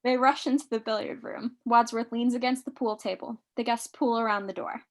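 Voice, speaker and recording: Woman reading stage directions, fairly high, brisk, amused; live script reading. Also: steady tone.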